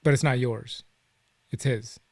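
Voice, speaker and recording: A man's voice: mid-range voice, fairly even intonation, measured pace, no room sound, studio quality. A man hosting a casual livestream interview, playful and teasing, who laughs often. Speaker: host.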